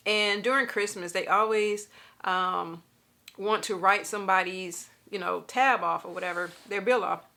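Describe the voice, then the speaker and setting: Bright-voiced woman sharing lively testimony. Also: mid-range voice, moderate pace, vocal fry. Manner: lively storytelling, talks straight to viewers; laughs through her stories. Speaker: faith and finance vlogger. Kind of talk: casual personal testimony.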